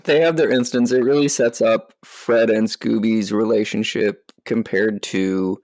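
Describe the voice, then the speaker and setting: A man's voice: on the low side, steady tone, measured pace, a little mellow, no room sound, clean studio sound. A man co-hosting a podcast, joking through a casual movie discussion and laughing often. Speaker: podcast co-host.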